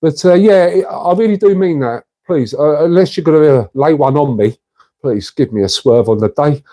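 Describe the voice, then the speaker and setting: Chatty man, mellow livestream host. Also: fairly high pitch, moderate pace. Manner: chatty, matey, reads and answers comments. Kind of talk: casual livestream chat with viewers.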